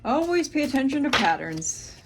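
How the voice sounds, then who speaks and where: A woman's voice: high-pitched, sing-song, normal speed, music in the background. A woman in her thirties giving a casual, rambling tarot reading to camera, thinking aloud with many fillers. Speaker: tarot reader.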